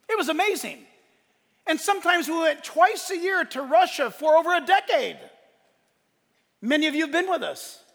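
A middle-aged male pastor delivers an impassioned sermon, his voice sitting unusually high with a bright, forceful edge. He swings from loud exclamations down to quiet, hushed storytelling. The sound carries a long reverb from a large hall. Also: gravelly.

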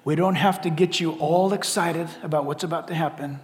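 A high-pitched male pastor delivers an earnest, blunt altar call, circling back on his points as he urges listeners forward. His voice rings out through a church sanctuary with a long reverb trailing each phrase. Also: steady tone, a little fast, husky. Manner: earnest, pleading preacher, blunt and repetitive. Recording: long reverb of a large hall.

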